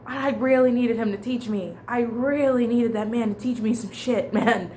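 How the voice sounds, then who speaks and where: A woman's voice: a little high, normal speed, a little mellow, slight background noise. A young adult woman telling a casual storytime monologue, candid and rambling, restarting her sentences and swearing freely. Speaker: vlogger.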